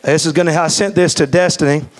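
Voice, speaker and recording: A man with a notably high voice preaches a sermon from the pulpit. He drives his points home by repeating phrases. At times he slows into a careful, measured cadence. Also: steady tone. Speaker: pastor.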